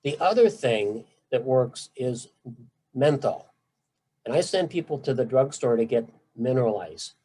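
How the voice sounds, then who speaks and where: Man giving a relaxed medical talk. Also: medium pitch, measured pace, husky, low-quality recording. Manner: conversational, emphatic, with asides. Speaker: physician lecturer.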